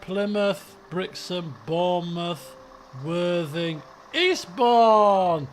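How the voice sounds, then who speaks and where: A man streaming a geography guessing game, chatty and excitable, swearing and breaking into shouts when frustrated. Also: high-pitched, a little slow, a little hiss or hum. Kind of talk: casual live-stream commentary while playing a geography guessing game.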